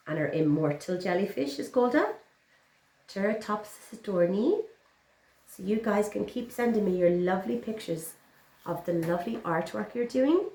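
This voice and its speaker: A woman's voice: fairly low pitch, a little mellow. Lady reading a kids' story, sing-song and encouraging, echoey room. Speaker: children's teacher. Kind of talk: reading a picture book aloud to children. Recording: roomy echo.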